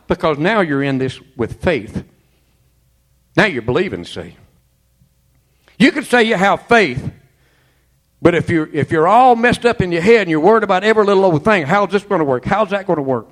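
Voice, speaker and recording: A man's voice: high-pitched, a bit bright. A man preaching a sermon as pastor, fervent and folksy, peppering his talk with amens and praise. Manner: folksy, colloquial storytelling.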